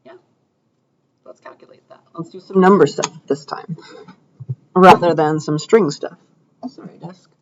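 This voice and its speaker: A man's voice: fairly high pitch, steady tone, a little slow, pauses often. Guy teaching an intro coding class, chatty, keeps asking "right?", kinda muffled lo-fi sound. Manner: casual, checks in with students often. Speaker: computer science lecturer. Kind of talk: classroom lecture with live coding. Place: lecture room.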